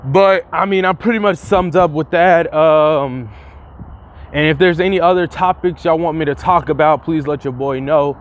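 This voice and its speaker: A man's voice: on the high side, moderate pace, muffled recording. A young man vlogging in casual commentary, rambling and profane, often restarting his sentences. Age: young adult.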